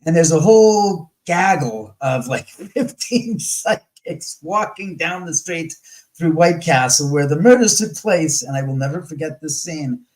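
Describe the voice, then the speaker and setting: Rambling, animated man telling stories. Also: on the high side, measured pace, low-quality recording. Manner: rambling, animated, self-correcting. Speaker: guest. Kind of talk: casual storytelling interview.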